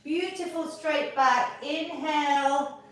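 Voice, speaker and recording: A woman's voice: high-pitched, fairly even intonation, slow pace. A woman leading a live online exercise class, encouraging and upbeat as she coaches. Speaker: fitness instructor. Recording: echoey room from far off.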